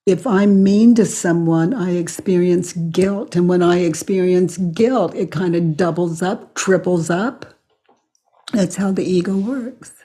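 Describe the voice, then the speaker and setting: Slow, calm older woman guiding inquiry. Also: fairly low pitch, slightly rough. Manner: slow, calm and questioning, acts out quoted lines. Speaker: facilitator of self-inquiry sessions. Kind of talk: guiding a client through inquiry.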